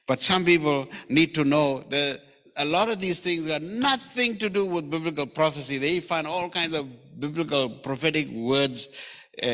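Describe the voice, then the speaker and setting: A South African man preaches from the front of a church, his bright voice sitting a little high and ringing through a hall with a long tail. He talks conversationally and acts out the lines he quotes. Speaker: pastor. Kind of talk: sermon. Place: church sanctuary.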